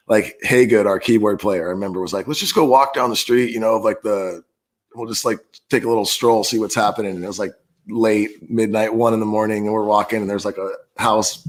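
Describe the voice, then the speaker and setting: A man in his late thirties, a guest musician chatting casually and laughing through his stories. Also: lowish voice. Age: 30s. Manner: easygoing, laughs while telling stories. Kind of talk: casual chat.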